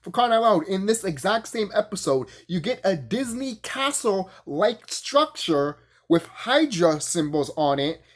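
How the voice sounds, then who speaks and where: A YouTube reviewer gives a casual, profane, rambling review packed with fillers and bursts of laughter. He talks unhurriedly with few pauses, animated, and his voice jumps high when he gets excited.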